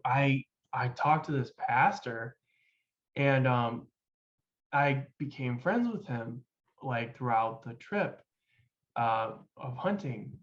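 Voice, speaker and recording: Brief: young adult male guest, casual halting storyteller, middle pitch, dull lo-fi recording. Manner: loose and halting, with many fillers. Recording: dull lo-fi sound.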